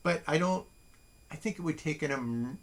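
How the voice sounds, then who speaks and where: A man hosting a casual morning livestream, reading listeners' haiku slowly and adding wry, chatty asides from his desk at home. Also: fairly high pitch. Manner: chatty and wry, reads poems slowly and deliberately.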